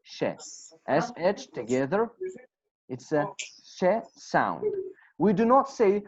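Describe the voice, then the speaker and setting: Patient low-voiced woman teaching over a video call. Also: big pitch swings, darkish tone, slightly rough. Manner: encouraging, repeats words slowly for learners. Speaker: English teacher. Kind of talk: online class teaching. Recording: dull lo-fi video call audio.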